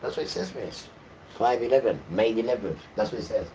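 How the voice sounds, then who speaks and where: A man hosting a livestream and talking informally about scripture, rambling and swinging between quiet mutters and loud outbursts. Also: mid-range voice, brisk. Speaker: livestream host. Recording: distant mic with steady background noise.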